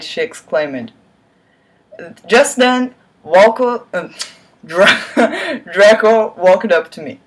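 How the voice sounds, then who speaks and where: A woman's voice: fairly low pitch, animated, slow, fairly bright tone. A woman giving a mocking dramatic reading of a fan story, breaking off for sarcastic asides. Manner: sarcastic asides between read lines; swears and laughs at the text. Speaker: reader of fan fiction.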